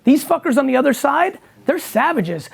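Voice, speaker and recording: Gravelly, blunt-talking man. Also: very high voice, very animated, normal speed. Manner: blunt, profane, emphatic. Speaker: guest entrepreneur. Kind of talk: casual conversation.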